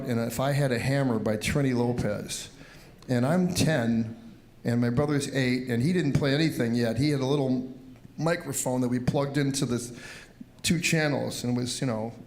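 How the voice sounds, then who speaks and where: An older man from the Cleveland area recalls his early days as a musician. He talks in a relaxed interview style and acts out what people said as he goes. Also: mid-range voice. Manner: animated storyteller, acts out quotes. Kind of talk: storytelling interview.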